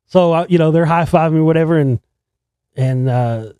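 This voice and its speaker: A man's voice: fairly high pitch, normal speed, warm tone, dry recording. A man who makes films tells a rambling, profane story in a casual way, often restarting his sentences. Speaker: filmmaker telling a story.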